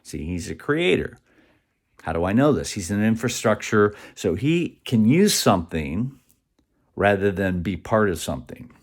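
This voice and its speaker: A man talking in a rambling, animated monologue, acting out quoted voices and dropping now and then to a whisper. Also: on the low side, a little slow.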